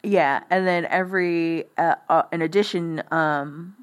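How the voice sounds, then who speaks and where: A woman's voice: fairly low pitch, steady tone, a little slow, clear, resonant tone. A young woman chatting casually as a guest, rambling and laughing at her own jokes. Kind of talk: casual chat.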